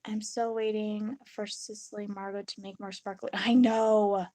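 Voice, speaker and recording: A woman's voice: medium pitch, flat delivery, unhurried, mellow, dry recording. A young woman live-streaming her resin crafting in a casual, rambling chat. She reads and answers viewers' comments and acts out her own reactions in little quotes.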